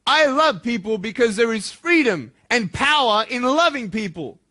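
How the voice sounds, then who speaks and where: A man giving a motivational speech to school students, impassioned and swinging from soft, intimate lines to loud, emphatic ones. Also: very high-pitched, sing-song, moderate pace.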